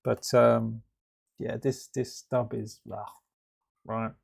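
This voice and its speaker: Speaking slowly in a mid-range, level voice that's gravelly and a bit rough, a man hosts a live stream reacting to a game trailer. His commentary is casual and ranty, full of rambling, restarts and fillers.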